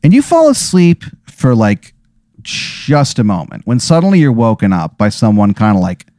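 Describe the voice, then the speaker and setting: A young man tells an improvised tale on a comedy podcast, hesitating often with "uh" and "like". His voice sits at a middle pitch, recorded dry and close with no room sound. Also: wildly swooping pitch, moderate pace, mellow, no room sound. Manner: rambling with many fillers. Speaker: podcast host. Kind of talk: improvised storytelling.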